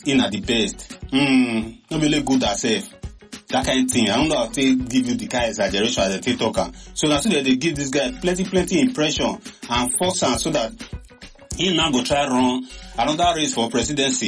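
A man with a Nigerian Pidgin accent, hosting a show and giving animated, casual commentary full of exclamations. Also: medium pitch. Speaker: radio or online show host.

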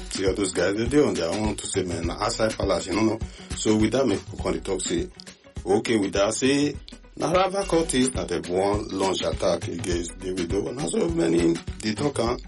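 A chatty radio host with a Nigerian Pidgin accent, a man whose voice sits on the low side. He talks in animated bursts and jumps up in pitch on key words. Faint music plays underneath. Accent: Nigerian Pidgin English. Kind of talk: call-in radio gossip talk.

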